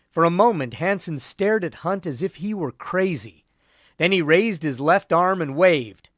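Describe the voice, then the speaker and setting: Guy narrating war history audiobook, measured and grave, bit high, dry. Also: animated, fairly bright tone, no echo. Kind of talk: scripted narration.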